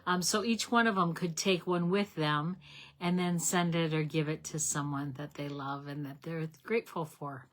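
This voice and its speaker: A middle-aged woman hosts a live card-making stream, speaking at normal speed in a low, steady voice. She chats casually and rambles a little while greeting viewers by name during the craft demonstration.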